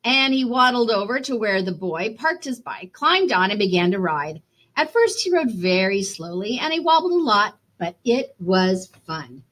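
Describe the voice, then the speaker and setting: A woman's voice: mid-range voice, big pitch swings, moderate pace, fairly bright tone. A woman teacher reading a picture book aloud to children, chatty and encouraging, asking her listeners questions.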